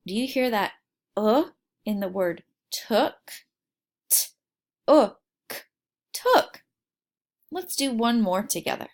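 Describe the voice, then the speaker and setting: A woman teaching a phonics lesson to young children, slowly sounding out words and asking them to repeat. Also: a little high. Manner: slow, exaggerated sounding out of words.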